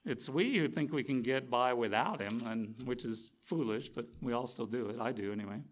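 Lively storytelling male preacher. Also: medium pitch, normal speed, slight background noise. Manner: lively, animated storytelling with acted-out quotes. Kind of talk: sermon with storytelling.

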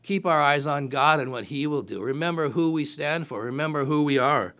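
A man's voice: fairly high pitch, moderate pace, a bit bright. A man preaching a sermon, reading Bible verses aloud and breaking in with emphatic rhetorical questions.

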